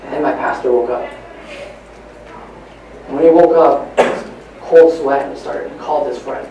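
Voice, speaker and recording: A man's voice: on the high side, steady tone, normal speed, lo-fi sound, slight background noise. Man speaking in an echoey hall. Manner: storytelling, swings between hushed and emphatic. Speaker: motivational speaker. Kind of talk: motivational training talk. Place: large hall at a live training event. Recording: echoey live hall recording from far off.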